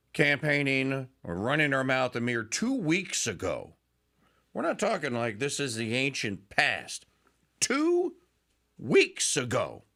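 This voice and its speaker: A man's voice: fairly high pitch, sharp tone. A man hosting a political talk radio show, delivering a sarcastic, mocking monologue and sometimes mimicking politicians.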